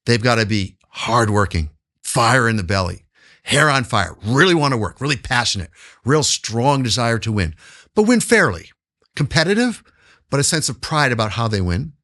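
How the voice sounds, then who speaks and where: Animated, emphatic man in interview. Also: medium pitch, moderate pace. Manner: emphatic, repeats key words for stress. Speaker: guest, business founder. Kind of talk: interview answer.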